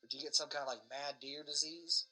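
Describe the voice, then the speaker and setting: A man's voice: on the high side, steady tone, fairly quick, sharp tone, soft background music, rough recording. A man hosting a podcast, rambling sarcastically and swearing freely in a casual monologue. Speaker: podcast host.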